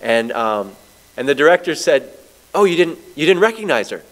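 Guy pastor giving a sermon, kinda high voice, slows way down on bible verses. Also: sing-song. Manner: storytelling preacher, slows down on scripture.

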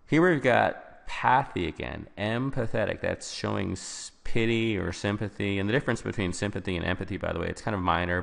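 A man's voice: low-pitched, gravelly, fairly bright tone, in a large hall. A man explaining vocabulary answers as a test-prep tutor, informal and thinking aloud with small restarts.

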